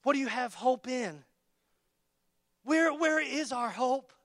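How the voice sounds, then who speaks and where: A man preaching a sermon in an emphatic, repetitive call-and-response style, building to loud peaks and dropping to quiet asides. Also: extremely high pitch, lively intonation, takes it slowly, dry recording, clean studio sound.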